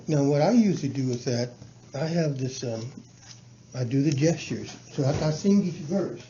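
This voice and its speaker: Guy teacher walking a coworker thru his lesson plan, lots of ums, dark mellow voice, kinda dull recording. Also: lively intonation. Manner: halting, many restarts and fillers, breaks into chanted syllables and sung verses. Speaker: teacher mentoring a colleague. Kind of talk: casual explanatory talk on lesson planning. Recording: dull low-fi with faint background noise.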